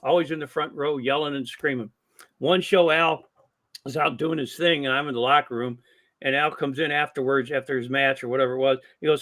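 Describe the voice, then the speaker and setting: A man's voice: mid-range voice, brisk. An older man, a longtime wrestling promoter, telling anecdotes on a podcast and acting out the dialogue as he goes. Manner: animated storyteller who acts out quoted dialogue. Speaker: guest, longtime wrestling promoter and ring announcer. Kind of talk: casual podcast storytelling.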